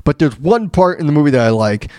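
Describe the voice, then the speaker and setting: Man, radio host, casual rambling monologue, many fillers, slightly high pitch, dry close sound. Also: very animated, fast, darkish tone, dry recording. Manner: laughs at his own retold jokes.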